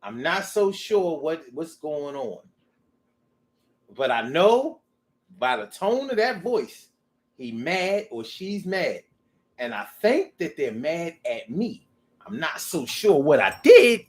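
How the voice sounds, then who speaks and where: A man's voice: fairly high pitch, sing-song, takes it slowly. A man voicing a confused, sheepish male house dog who mutters and swears, unsure what he did wrong.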